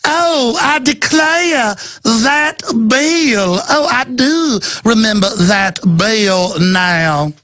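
A man mocking a flustered, evasive male official with an affected Southern drawl, slow and stammering. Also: extremely high pitch, lively intonation, pushed and bright, no echo, studio quality, pitched above the performer's own voice, exaggerated voice. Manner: stammering, feigning sudden recall.

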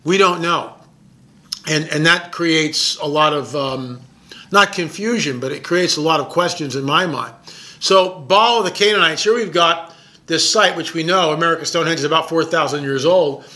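A filmmaker talking about his own work in a casual, excitable monologue. He stresses his points and often repeats words as he goes. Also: a little high, moderate pace. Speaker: documentary filmmaker.

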